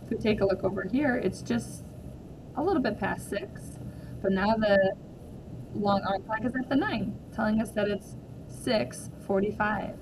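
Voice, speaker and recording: A woman's voice: mid-range voice, unhurried, background noise. A woman in her thirties reading a storybook aloud to children and asking them questions along the way. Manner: warm, asks children questions.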